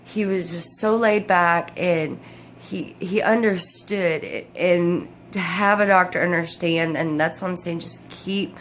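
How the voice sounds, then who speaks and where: A woman's voice: on the low side, a little slow, slight background noise. A tired woman, chatting casually in a vlog update, rambling with many restarts. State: tired, drowsy from medication. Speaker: vlogger. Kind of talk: casual personal update to camera.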